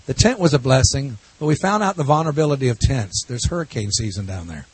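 Husky, folksy man preaching. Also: medium pitch, animated, quick pace. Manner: folksy, jokey storytelling with laughs. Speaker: pastor. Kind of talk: church talk to a congregation.

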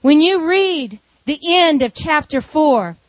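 A woman preacher delivering a sermon through an animated, conversational retelling of a story. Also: high-pitched, slow, no echo.

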